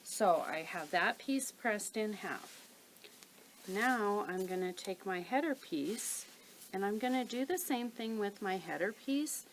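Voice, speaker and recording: A woman calmly talking through a sewing tutorial step by step while she works. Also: medium pitch, slow, slight background noise, rough recording. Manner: calm, methodical, talks while working. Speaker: quilting instructor.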